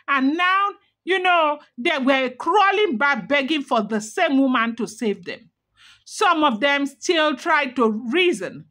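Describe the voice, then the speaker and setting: A woman's voice: sits high, lively intonation, takes it slowly, pushed and bright. Dramatic woman retelling gossip. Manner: dramatic, repetitive, emphatic. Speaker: celebrity gossip vlogger. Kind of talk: storytelling gossip narration.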